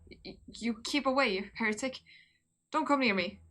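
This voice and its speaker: A woman's voice: medium pitch, fairly even intonation, a little fast, fairly bright tone, lightly acted. A woman voicing an irritated young male guard who snaps at a prisoner. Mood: panicked. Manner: exasperated, snapping.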